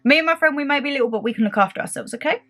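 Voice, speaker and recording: A woman's voice: high-pitched, racing. Indignant young woman vlogging. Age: young adult. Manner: animated, indignant retelling with quoted back-and-forth. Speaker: beauty vlogger. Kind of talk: casual storytime chat.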